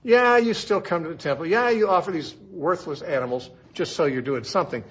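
Male Bible teacher, husky, a little high-pitched, chatty and full of rhetorical questions, dull old-sounding recording. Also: fairly quick, fairly bright tone.

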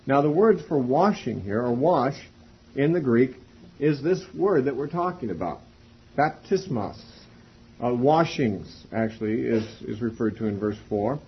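A man teaching a Bible class in a methodical way, spelling out words and pausing often. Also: medium pitch, lively intonation, slightly rough. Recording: dull lo-fi recording.

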